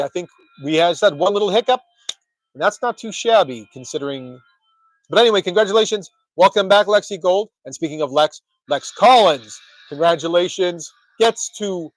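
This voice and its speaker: A man's voice: on the high side, no room sound, rough recording. A man hosting a casual wrestling chat show, rambling and joking with lots of swearing. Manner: rambling, profane, jokey. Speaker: podcast host.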